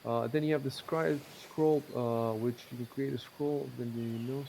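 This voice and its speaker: A man's voice: mid-range voice, steady tone, normal speed, gravelly, background noise. A man running a tabletop game, explaining rules with many fillers and restarts. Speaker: game master.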